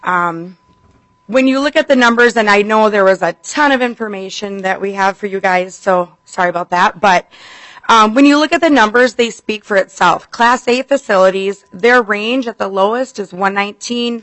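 A woman's voice: medium pitch, fairly bright tone, no room sound, rough recording. Earnest, slightly emotional middle-aged woman testifying before lawmakers, close and dry sound. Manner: earnest, apologetic, fast and emotional. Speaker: facility administrator testifying. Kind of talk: legislative committee testimony.

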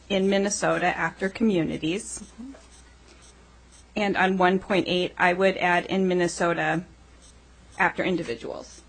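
A woman committee staffer reading back an amendment slowly and carefully. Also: mid-range voice, a bit bright, rough recording.

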